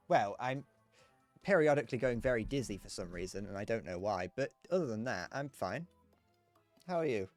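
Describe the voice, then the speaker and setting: A young man with a southern English accent, chatting casually while streaming a game and answering chat, muttering low to himself between brighter, self-deprecating replies. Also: expressive, a little fast, no echo, soft background music. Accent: British, southern English. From England. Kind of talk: casual gameplay chat reading chat aloud. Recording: faint background noise and clicks.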